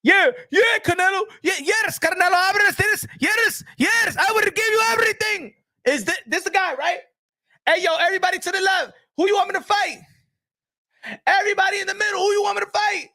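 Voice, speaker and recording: A man doing a loud boastful prizefighter. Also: extremely high pitch, fairly quick, pitched above the performer's own voice, heavily acted. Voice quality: loud and strained. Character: boastful prizefighter hyping himself.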